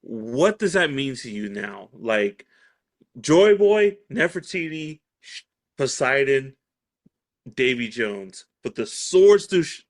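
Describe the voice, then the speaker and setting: A man co-hosting a casual podcast, his pitch rising and falling a lot as he talks. He lays out theories and throws questions to his partner, laughing readily along the way. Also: slow pace. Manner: lively, questioning, laughs easily. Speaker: podcast co-host. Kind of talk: casual chat.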